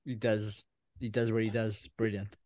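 A man's voice: lowish voice, little pitch movement, normal speed, a little mellow, dry recording, studio quality. A man co-hosting a casual film chat, rambling and restarting his sentences, laughing as he goes. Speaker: podcast co-host.

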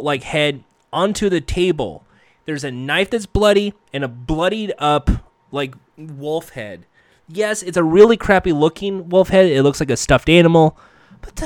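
A man's voice: on the high side, no room sound. A man casually recapping a show with jokey, profane, self-mocking asides.

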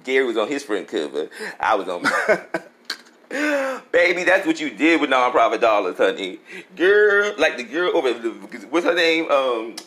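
A man's voice: mid-range voice, a bit bright, reverberant, poor audio. A man delivering a sassy, campy comic gossip monologue, laughing often and calling everyone honey and girl.

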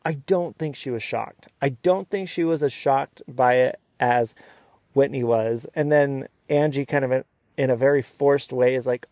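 A man hosting a casual, opinionated recap of a reality show, sometimes mimicking the cast in quick asides. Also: mid-range voice, darkish tone, no room sound. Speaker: recap host.

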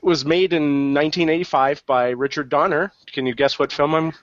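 A man, a guest on a casual movie podcast, talks in a relaxed, slightly hesitant way. The recording is dry and dull, with a lo-fi feel. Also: fairly high pitch, normal speed, dry recording.

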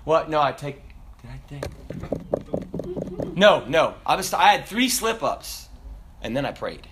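A man preaching a sermon, telling stories with laughter in an animated, lively way. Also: fairly high pitch, moderate pace, background noise. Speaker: pastor.

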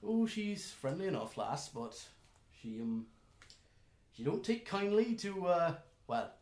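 A man's voice: sits high, sing-song, takes it slowly, a little mellow, reverberant, voice pushed up, full character voice. A man voicing a folksy male elf ranger who keeps a wolf, talking in a casual drawl. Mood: easygoing. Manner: folksy, calls people lass and lad.

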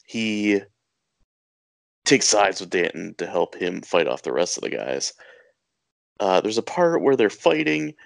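A young man co-hosting a podcast, relaxed and quick to laugh, steering the chat with questions. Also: lowish voice, vocal fry, no echo. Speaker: podcast co-host. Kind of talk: casual movie review chat.

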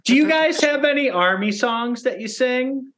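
A man's voice: very high-pitched, animated, moderate pace, fairly bright tone. A man in casual podcast chat, joking and slipping into silly bits. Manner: jokey, drifts into silly voices and song. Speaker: podcast co-host.

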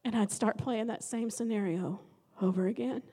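High-voiced woman pastor preaching. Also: moderate pace. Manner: emotional, dramatic storytelling with sudden loud emphasis. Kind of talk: sermon.

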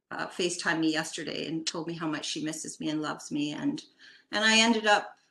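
Older Canadian woman, guest telling a story, lower bright voice, roomy echo. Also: creaky. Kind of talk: casual storytelling.

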